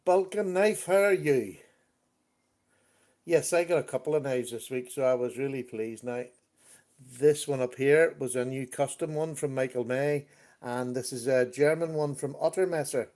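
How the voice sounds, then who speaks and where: A man with a medium-pitched, slightly mellow voice talks at normal speed while hosting a casual livestream chat, greeting viewers by name as he goes.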